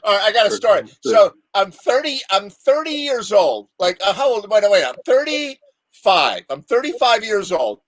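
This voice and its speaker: Lively high-voiced man spinning a story. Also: normal speed, no room sound. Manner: animated, rambling storyteller with many restarts. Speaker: show regular telling a story. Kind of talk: casual chat on a live stream show.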